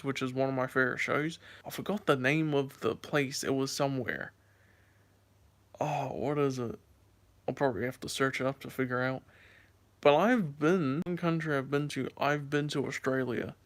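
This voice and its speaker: Young guy vlogging, rambly and casual, smooth clear voice. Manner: rambling storyteller, lots of "like" and "um"; voice jumps high and squeaky when acting out scares. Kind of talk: casual chat to camera.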